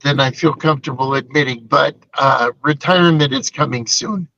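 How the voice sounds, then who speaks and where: A man's voice: mid-range voice, normal speed, sharp tone, no room sound, lo-fi sound. An older man co-hosting a casual live show, rambling through stories and reading out viewer comments. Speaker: co-host. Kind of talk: casual live-stream chat.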